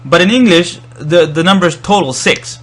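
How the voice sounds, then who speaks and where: A man's voice: a little high, moderate pace, fairly bright tone. A man explaining Arabic verb grammar in a lecture, often restarting and repeating words as he thinks. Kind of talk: recorded lecture.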